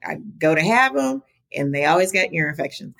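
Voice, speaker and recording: A middle-aged woman, a podcast guest, telling a personal story in casual chat, animated, her voice jumping high when she quotes her own reactions. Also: a little fast, creaky. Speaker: podcast guest, small business advocate.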